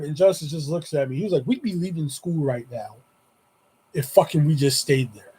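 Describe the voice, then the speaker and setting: A man's voice: fairly high pitch, animated, moderate pace, a little mellow, slight background noise. A man telling a long rambling story on his vlog, swearing constantly and acting out the voices of his friends. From Houston area. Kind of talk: casual storytelling.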